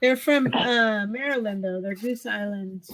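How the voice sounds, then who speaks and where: A woman's voice: a little high, unhurried, a bit bright. Woman from Northern California, tipsy, loose giggly chatter. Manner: loose, giggly casual talk. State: tipsy from strong beers. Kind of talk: casual chat.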